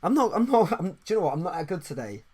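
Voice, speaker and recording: A man who is a podcast host and coach chats casually, his voice a little high for a man. He's very animated and rapid-fire, with a darkish tone and a breathy edge, tripping into restarts and repeated words and laughing often.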